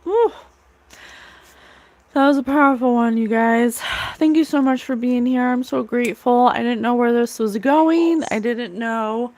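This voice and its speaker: A woman's voice: on the high side, unhurried, a little mellow, no echo. A woman hosting a livestream as a psychic medium, channeling spirits in an emotional, earnest way and laughing often.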